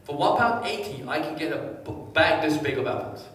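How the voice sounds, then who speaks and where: A man giving a live seminar, quizzing the audience and telling anecdotes in a lively way. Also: a little high, brisk, slight background noise. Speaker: motivational speaker. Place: large hall with a live audience. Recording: echoey hall, distant mic.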